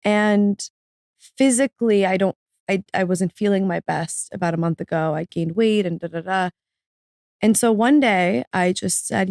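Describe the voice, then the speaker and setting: A woman's voice: medium pitch, measured pace, creaky, a little mellow, dry recording. A woman talks openly and reflectively in an interview, her voice tearful and emotional. Her voice sits in a middle range. The sound is dry and close, with no room around it. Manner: earnest, reflective, confessional. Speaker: podcast guest, author. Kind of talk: candid personal interview.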